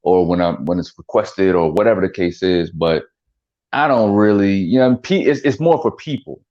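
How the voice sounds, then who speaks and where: A man, a comedian guest on a podcast, talking in a relaxed, reflective way and thinking things through as he goes. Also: sits low, normal speed, muffled recording. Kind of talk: casual interview chat.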